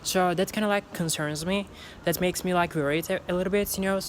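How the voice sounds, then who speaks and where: A woman with a low voice talks through a casual vlog as an English learner. She leans on fillers and restarts as she goes, and there is faint noise behind her. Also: fairly even intonation, a little fast. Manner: repeats film lines aloud to practice, many fillers.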